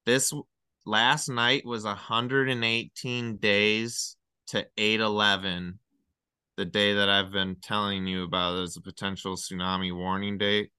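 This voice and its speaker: A man talking as a podcast guest in casual chat, rambling excitedly through one number theory after another. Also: lowish voice, measured pace, clean tone, no echo, studio quality.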